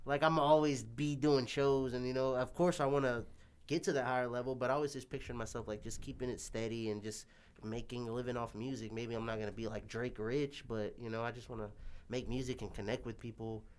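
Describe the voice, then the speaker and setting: A man's voice: medium pitch, fairly even intonation, fairly quick, smooth. A young man, a musician, in a rambling casual conversation, full of fillers and swearing. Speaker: guest musician.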